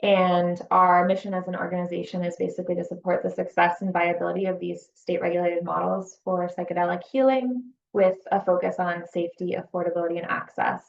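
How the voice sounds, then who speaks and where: A woman's voice: lowish voice, vocal fry, a little hiss or hum. A woman, a nonprofit director, presenting on a video call in a plain, organized way. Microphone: computer mic on a video call. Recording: dull, lo-fi call audio.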